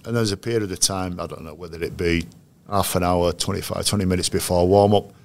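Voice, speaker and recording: Recalling players he once coached, a man tells anecdotes in a calm, measured interview and often starts his sentences over while thinking. His very deep, low voice has fairly even intonation and some vocal fry.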